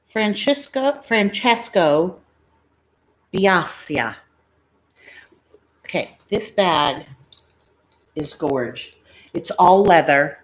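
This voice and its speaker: A woman's voice: on the low side, lively intonation, very slow, long pauses. Chatty, rambling American woman streaming live. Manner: rambling, chatty, acts out family members' voices. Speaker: livestream host selling bags. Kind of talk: casual storytelling livestream.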